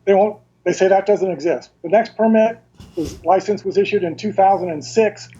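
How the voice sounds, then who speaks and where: A man being interviewed talks through things thoroughly and carefully, stumbling into restarts along the way. His high voice is mellow and slightly rough, carried over dull, lo-fi remote audio.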